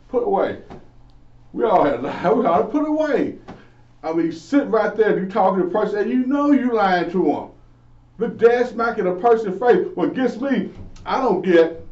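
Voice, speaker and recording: A man giving an informal Bible lesson, earnestly preaching and asking questions he then answers himself. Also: high voice. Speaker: Bible teacher. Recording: echoey, distant, dull lo-fi.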